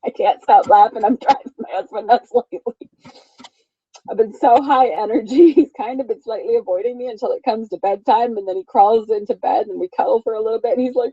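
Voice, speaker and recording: A woman's voice: a little high, fairly quick, husky, dry recording, muffled recording. A woman in her thirties giving an emphatic, freely swearing motivational talk as a spiritual coach, laughing often.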